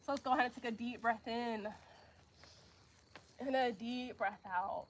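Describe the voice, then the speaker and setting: A young woman yoga instructor, slightly out of breath, giving calm breathing cues with casual slang asides. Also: fairly high pitch, a little slow. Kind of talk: live yoga class instruction.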